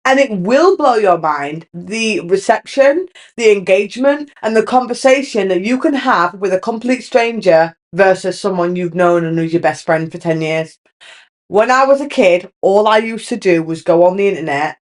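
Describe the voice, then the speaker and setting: In this casual solo episode, a young female podcast host talks openly and wanders off track, frequently restarting her sentences. Her medium-pitched voice is expressive and moves at a moderate pace.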